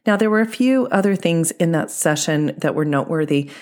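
A woman dating coach speaking a podcast monologue in a steady, explanatory and measured way. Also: low voice.

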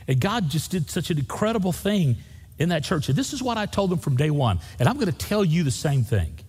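A man's voice: a little high, a little mellow, husky, big-room sound. A man preaching a sermon as pastor, telling folksy stories and driving points home through repetition.

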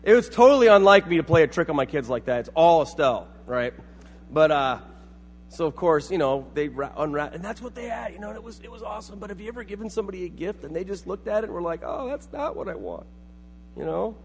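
A man's voice: high voice, expressive, quick pace, long reverb tail, slight background noise. A middle-aged man preaching a sermon as pastor, telling family stories and acting out quotes. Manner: storytelling with acted-out quotes.

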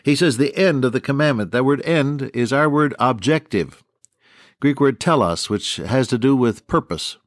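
A man's voice: medium pitch, expressive, normal speed, no echo, clean studio sound. Folksy older radio Bible teacher, man. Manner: folksy, chuckling, storytelling.

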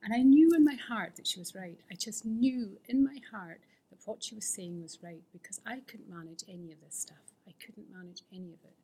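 Husky-voiced woman sharing her story. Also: medium pitch, brisk, few pauses, warm tone. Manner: candid and earnest, often dropping to a near-whisper. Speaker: fellowship member sharing her recovery story. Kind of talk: personal recovery testimony.

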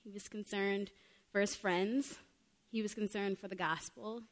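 A woman's voice: mid-range voice, fairly even intonation, measured pace. A young woman preaching a sermon in a heartfelt, earnest way, often saying "like" between her thoughts. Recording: long reverb of a large hall.

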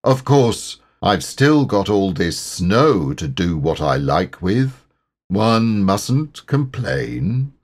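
A man reading an audiobook, voicing a gloomy, self-pitying old grey donkey in a slow, melancholy drawl. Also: fairly low pitch, sing-song, heavily acted.

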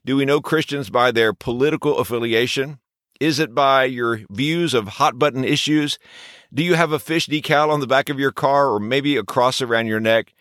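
A man's voice: medium pitch, normal speed, fairly bright tone, no room sound, studio quality. A man hosting a short daily devotional podcast, teaching in an earnest way with many rhetorical questions. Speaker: podcast host.

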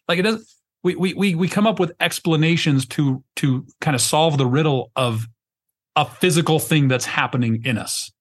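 A podcast host with a slightly high male voice speaks at an ordinary pace. He rambles emphatically, keeps restarting his sentences while hunting for words, and swears offhandedly.

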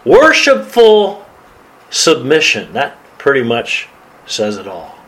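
A man's voice: mid-range voice, expressive, moderate pace, rough recording. A man preaching as a pastor, reading scripture aloud and laughing often. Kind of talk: sermon.

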